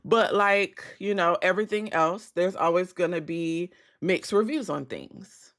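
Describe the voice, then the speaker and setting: A woman's voice: fairly low pitch, unhurried, a bit bright. Blunt, profane woman streaming at dawn. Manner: blunt, profane, chatty with viewers. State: voice cracking, just woke up. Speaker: livestream host. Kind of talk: casual livestream chat.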